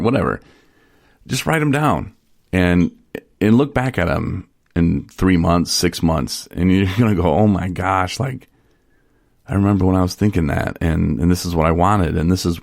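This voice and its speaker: A man's voice: sits low, vocal fry, no echo, studio quality. A man in recovery telling stories on a casual radio talk show, rambling with restarts and short laughs. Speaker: person in recovery sharing his story.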